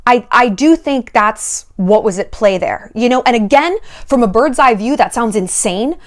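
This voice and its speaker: A woman vlogger breaks down dating red flags in casual commentary. Her voice sits a little high and swings widely in pitch. She is sarcastic and profane, and often slips into mock voices for the people she quotes. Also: moderate pace. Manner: animated, sarcastic, swears freely.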